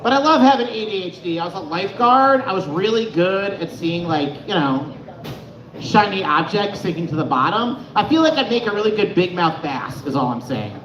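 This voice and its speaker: A man's voice: high-pitched, normal speed, a crowd in the background. A man doing a crude, rambling stand-up set in a club. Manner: animated, rambling, crude jokes. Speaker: stand-up comic. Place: comedy club on stage. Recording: echoey lo-fi club.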